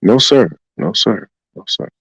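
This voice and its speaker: A man with a very low voice talks in loose, rambling casual chat, repeating his filler phrases. The sound is dull and dry. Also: lively intonation, unhurried, a bit bright, breathy edge, no echo. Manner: rambling, repeats "you know what I'm saying".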